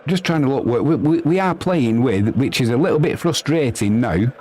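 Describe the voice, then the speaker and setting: A man doing chatty live football commentary, reading out viewer messages and yelping with excitement at goals. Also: moderate pace, slight background noise. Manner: chatty and excitable, bursting into high yelps at goals.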